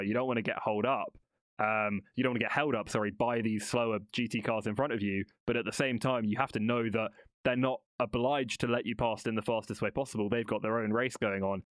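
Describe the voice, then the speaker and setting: A man's voice: mid-range voice, dry recording. Male podcast host, dry studio sound. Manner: conversational, rambling with restarts and self-corrections. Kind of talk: solo motorsport podcast commentary.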